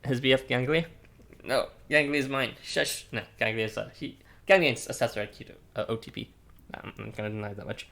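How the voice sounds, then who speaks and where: A man's voice: mid-range voice, fairly quick, creaky, fairly bright tone. A man reading through a story game and joking in casual, rambling asides. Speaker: let's-play host.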